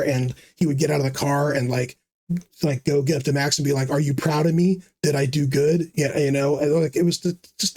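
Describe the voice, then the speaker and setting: A man rambling through casual commentary, sarcastic and teasing, full of fillers and restarts. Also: mid-range voice. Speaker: fantasy sports video host.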